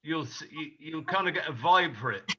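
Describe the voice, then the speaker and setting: A man's voice: a little high, animated, brisk, bright, forceful tone, highs cut off. A Welsh man guiding a cooking lesson over a video call, teasing and joking, calling people mate. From Wales. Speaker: guest cook. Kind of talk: casual video call chat.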